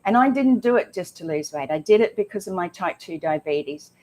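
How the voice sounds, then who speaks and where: A woman's voice: fairly low pitch, expressive, brisk, darkish tone. A woman co-hosting a casual health talk show, chatty and emphatic with frequent ums. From Australia.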